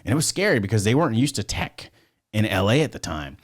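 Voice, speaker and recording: A man from the United States tells rambling stories as a podcast guest, swearing constantly in casual conversation. His voice is lowish, very animated, and quick.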